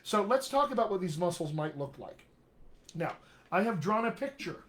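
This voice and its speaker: A middle-aged man, a dialect coach, giving an energetic, jokey live-streamed lesson, often checking in with "all right?". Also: sits high, moderate pace. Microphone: webcam or computer mic on a live video stream.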